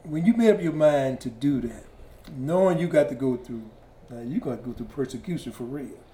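A man's voice: medium pitch, lively intonation, moderate pace, warm tone. A male podcast host asking hesitant, searching questions. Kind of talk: interview questions. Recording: roomy echo.

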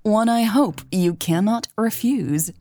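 A woman's voice: mid-range voice, slow, dark tone, pitched above the performer's own voice, natural voice. A woman reading the part of a confident, playful female boss who talks with purring enthusiasm. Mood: enthusiastic.

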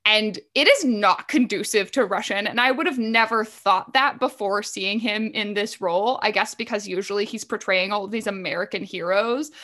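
A woman's voice: mid-range voice, normal speed, few pauses, bright, forceful tone. A woman guesting on a podcast, chatting casually and enthusiastically about a movie.

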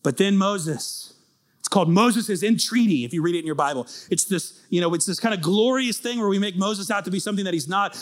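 Male preacher, higher voice, dramatic storyteller who surges loud at key points. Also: a little fast. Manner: animated, dramatic storytelling, builds to near-shouting. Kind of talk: sermon.

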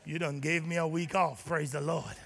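Preaching in a church sanctuary, this pastor keeps a steady tone and moderate pace in a gravelly voice, yet still climbs to shouts, dips into quiet asides, and urges the congregation to answer him. The audio has a big-room quality.

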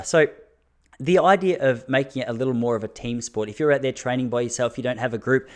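A man's voice: medium pitch, fast talker. A man, a running coach talking frankly to his listeners in a casual solo podcast, with fillers and restarts. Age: 30s.

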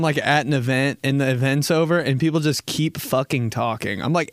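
A man's voice: medium pitch, a little fast, few pauses, no room sound, studio quality. A young man hosting a podcast, rambling in a casual, profane, joking way, often laughing and acting out quotes. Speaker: podcast host. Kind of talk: casual comedic podcast chat.

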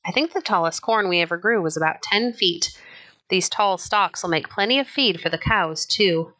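Woman reading as a calm pioneer mother. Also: on the low side, moderate pace. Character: kind, steady pioneer mother, adult woman. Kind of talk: storybook character voice.

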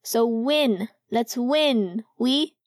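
A bossy young hockey player barks orders at his team, as a woman reads him in an audiobook. His voice sits a little high and dry, close to the mic, with a grumbling edge. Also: extremely slow, no echo. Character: brash young male hockey player, French-speaking. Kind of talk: audiobook character voice.

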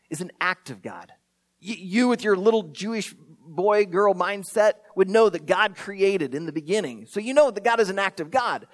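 Lively, conversational preacher. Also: mid-range voice. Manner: conversational, asks rhetorical questions, uses playful asides. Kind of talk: sermon.

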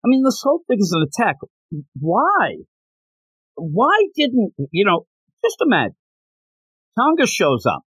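Husky, lively podcast co-host. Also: mid-range voice, a little slow, pauses often, no echo. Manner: animated, jokey retelling of comic panels with quoted lines. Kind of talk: casual chat about comics.

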